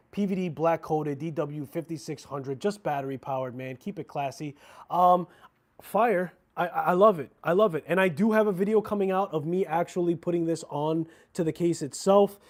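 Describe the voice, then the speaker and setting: A man hosting a casual livestream about watches, talking in a chatty, slangy, rambling way with frequent restarts. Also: on the high side. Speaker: watch channel host.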